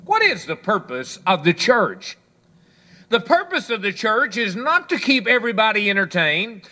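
A male preacher with a high, bright voice that swings lively up and down. He tells homespun stories and reads scripture, sinking into quiet low asides between points. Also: moderate pace. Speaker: pastor. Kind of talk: sermon with folksy illustrations.

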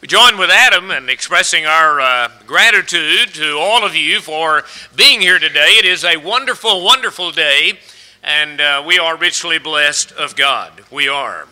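A man's voice: fairly high pitch, lively intonation, unhurried, bright, forceful tone, poor audio. A man preaching a folksy sermon, asking his congregation question after question and stretching out the key words. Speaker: pastor.

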